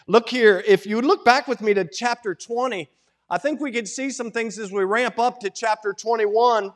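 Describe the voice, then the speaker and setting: A man preaching a sermon as pastor. He moves from a quiet prayer into animated teaching that rises to loud quoted cries. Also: very high-pitched, moderate pace. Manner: opens with a prayer, then preaches in an animated way, rising to shouted quotes.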